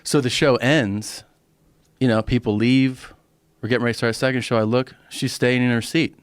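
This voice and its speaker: A man telling a profane, animated story in a casual podcast chat. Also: mid-range voice, moderate pace, clear, resonant tone, no echo. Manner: animated storytelling, profane, acts out other people's lines. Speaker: stand-up comedian and podcast guest.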